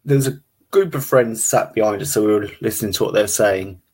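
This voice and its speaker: A man's voice: fairly low pitch, fast, a little mellow, slightly rough. A man chatting casually on a stream in a dry, matter-of-fact way. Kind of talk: casual chat.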